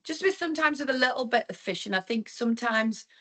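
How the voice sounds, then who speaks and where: A woman's voice: on the high side, expressive, fast. A woman angling coach and guest in a casual group chat, giving her opinions emphatically.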